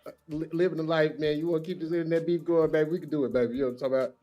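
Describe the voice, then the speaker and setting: A man chatting casually as a stream guest, animated and slangy, often repeating words. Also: on the high side, racing, highs cut off, soft background music. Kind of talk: casual chat.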